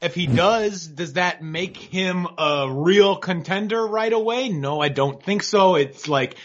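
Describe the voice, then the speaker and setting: A man with a fairly high voice rambles through casual podcast chat, cracking wry jokes as he goes. The recording sounds dull and slightly lo-fi. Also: measured pace. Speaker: boxing podcast co-host.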